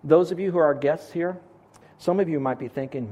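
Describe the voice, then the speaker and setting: A man's voice: a little high, normal speed, dark tone. A middle-aged man preaching a sermon as a pastor, earnest and asking his congregation questions.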